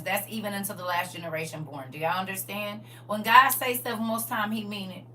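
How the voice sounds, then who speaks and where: A woman's voice: mid-range voice, animated, brisk, few pauses, pushed and bright, recorded from a distance, a little hiss or hum. A woman teaching a livestreamed Bible study, reading scripture aloud and talking to her viewers directly in a casual, preachy way.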